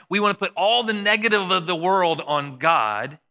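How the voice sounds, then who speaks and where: Male pastor, sharp bright tone, casual preaching that slips into character voices. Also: fairly high pitch, animated, brisk, hardly any pauses. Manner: conversational preaching, acts out voices of Bible figures. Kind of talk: sermon.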